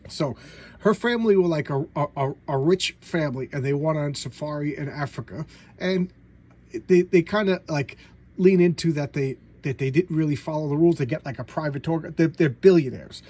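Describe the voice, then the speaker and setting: A man casually retelling comic book stories in an animated way, slipping into voices for the characters. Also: on the high side, normal speed, husky.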